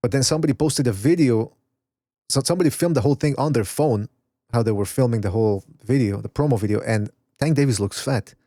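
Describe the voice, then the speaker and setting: A man's voice: mid-range voice, fast talker, warm tone, no room sound, studio quality. A man hosting a casual boxing podcast, rambling, swearing and reading chat messages aloud. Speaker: podcast host. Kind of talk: casual live-stream chat.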